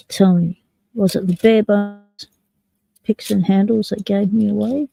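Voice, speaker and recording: An Australian woman hosts a live stream and talks easily with her chat, joking as she works a lock. Her voice has a gravelly, husky grain with a dark, mellow tone. The sound is dry and close, with no room around it. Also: mid-range voice, fairly even intonation, unhurried, no echo, soft background music, rough recording. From South Australia. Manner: chatty, jokey, talks to chat while picking locks.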